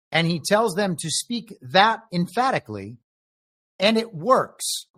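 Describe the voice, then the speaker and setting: A man's voice: a little high, fairly bright tone. A man hosting a podcast, giving political commentary in a musing, speculative way, stretching out key words for emphasis. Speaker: podcast host and moderator.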